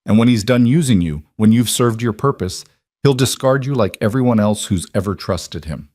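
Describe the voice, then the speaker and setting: A man's voice: on the low side, animated, normal speed, darkish tone, no room sound. A man voicing a furious, contemptuous crime-family father in a spoken story. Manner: hissing, contemptuous. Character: furious middle-aged mob father, cruel and bullying. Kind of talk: audiobook storytelling.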